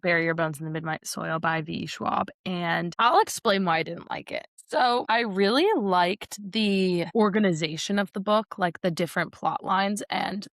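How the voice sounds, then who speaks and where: A young woman co-hosting a chatty podcast, her voice sitting lower than most. She rambles through stories and laughs often. The sound is close and dry. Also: normal speed, hardly any pauses, no room sound. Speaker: podcast co-host. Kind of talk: casual chat.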